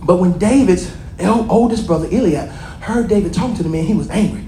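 A preacher giving a lively, colloquial sermon, repeating phrases and calling out to the congregation. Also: mid-range voice, fairly quick, echoey room, a little hiss or hum.

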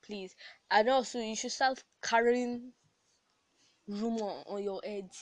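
A woman's voice: fairly high pitch, steady tone, slow, no room sound. A young woman hosting a casual podcast, giving advice in a chatty way with restarts and laughs. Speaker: podcast host.

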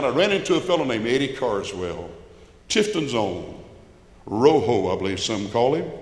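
A man in his sixties with a Georgia Southern accent, telling a personal testimony in church in a folksy storytelling way that swings between loud and hushed. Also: mid-range voice. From South Georgia, USA. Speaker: guest speaker giving a testimony. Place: church sanctuary. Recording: roomy, echoing church hall.

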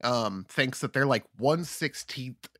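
A man co-hosting a casual podcast, talking in a rambling, profane way with halting restarts. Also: medium pitch, a bit bright. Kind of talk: casual chat.

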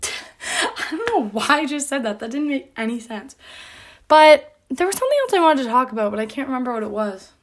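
A woman's voice: high-pitched, sing-song, fairly quick, slight background noise. Breathless, rambling young woman. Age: young adult. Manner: rambling, filler-heavy, with frequent "like" and laughs. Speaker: podcast host. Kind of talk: casual chat.

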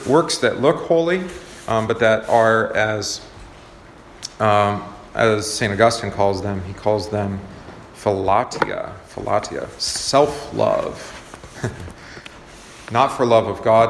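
A man, a pastor, leading a casual Bible study, talking conversationally and often asking the group questions. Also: lowish voice. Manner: conversational, asks the group questions, many fillers. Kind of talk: casual teaching talk. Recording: roomy echo, faint background noise.

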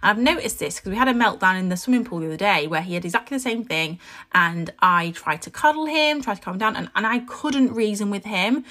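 Mum in her thirties, podcast host; bright, lively voice; chatty and candid, laughs easily. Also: mid-range voice, fast talker. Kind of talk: casual podcast monologue.

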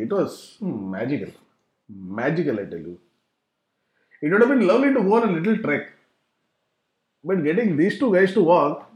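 A man's voice: sits high, reverberant. A man narrating a humorous travel story, acting out sound effects. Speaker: travel vlogger.

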